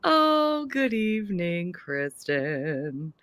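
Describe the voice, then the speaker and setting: A woman's voice: on the low side, big pitch swings, extremely slow, a bit bright, dry recording. A woman with an American accent hosting a live-stream author interview, gushing and exclamatory. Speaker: host.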